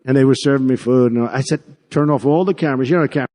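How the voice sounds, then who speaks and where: A man's voice: mid-range voice, racing, a little mellow. An older man delivering a rambling, repetitive rally speech to a crowd, with mocking asides. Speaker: political candidate at a rally. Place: large arena with a crowd. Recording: long hall reverb from a PA.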